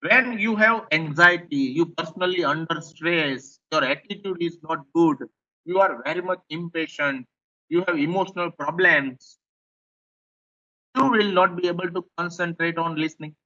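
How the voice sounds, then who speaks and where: A man's voice: fairly high pitch, moderate pace, bright, forceful tone, muffled recording. A man with an Indian English accent giving a classroom lecture, explaining points and repeating them. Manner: repetitive, explanatory, rephrases points.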